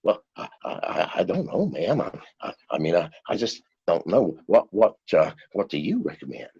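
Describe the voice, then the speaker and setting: A man doing a bashful, stammering farmer with a Southwestern US drawl, gravelly and husky, with a low voice that jumps in pitch. He is polite and naive. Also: sing-song, normal speed, dark tone, muffled recording, full character voice. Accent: Southwestern US rural.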